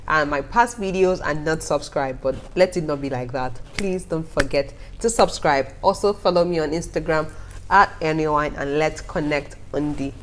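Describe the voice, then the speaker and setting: A young woman talks casually to her viewers about motherhood, her voice sitting a little low. She tells her stories in an animated, playful way and laughs often as she speaks. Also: moderate pace, a little hiss or hum. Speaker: vlogger. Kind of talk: casual storytelling to camera.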